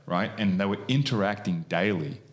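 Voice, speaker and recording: This co-host is an Australian man whose voice is fairly low and moves at a normal speed. He rambles through an explanation of hypnosis on a podcast, restarting often and leaning heavily on fillers.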